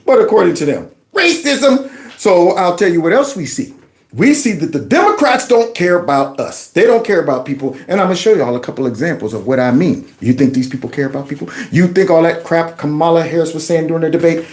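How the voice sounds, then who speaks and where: Animated man giving mocking commentary. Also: fairly quick, echoey room. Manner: animated, mocking, mimics clip voices in a high pitch. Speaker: political commentary host. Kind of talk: casual political commentary.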